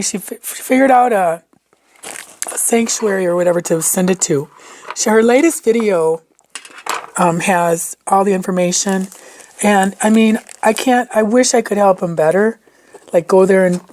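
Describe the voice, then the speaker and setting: A woman chats her way through a shopping haul in a casual vlog, gushing over each item. She talks in a loose, chatty way and sometimes drops into a soft whisper. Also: mid-range voice. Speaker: vlogger showing a shopping haul.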